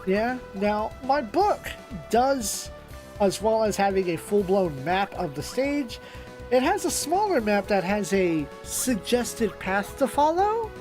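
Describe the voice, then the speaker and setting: Dry teasing co-host guy, lively pitch, soft game music behind. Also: slow. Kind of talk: casual gameplay banter.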